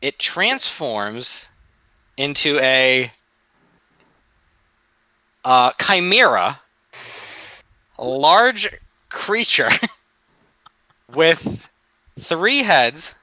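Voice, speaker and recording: A man's voice: fairly high pitch, very animated, drawn-out words, pauses often, sharp tone, no room sound. A man running a tabletop game as game master. He narrates monsters and dice rolls, and he mutters and swears while he fights the game menus.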